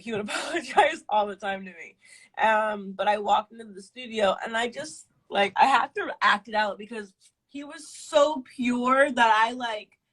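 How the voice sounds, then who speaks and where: A woman's voice: a little high, poor audio. A woman in her twenties on a live stream, telling a personal story in a casual, rambling way, full of fillers and swearing. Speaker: livestream guest.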